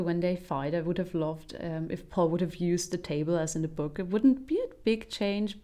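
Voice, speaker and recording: A woman with a low, mellow voice gives a casual, comedic film review. She's chatty, full of um's, restarts herself often, and laughs as she talks.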